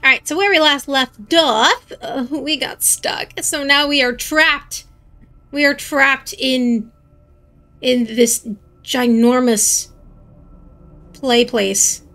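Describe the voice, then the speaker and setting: A woman's voice: high-pitched, slow, sharp tone, soft background music. A young woman hosting her gaming channel, chatting casually through gameplay with jokey asides and startled outbursts.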